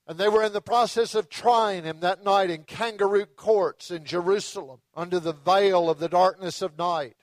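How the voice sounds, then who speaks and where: A man preaching a sermon in a conversational storytelling way, dropping to soft low tones for the dramatic moments. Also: normal speed, hardly any pauses, dry recording. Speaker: pastor.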